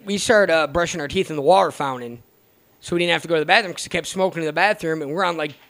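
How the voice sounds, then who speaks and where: Casting: young man, fairly high voice, casual and profane storyteller who voices the other people in his stories. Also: racing, a bit bright. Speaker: storyteller among friends.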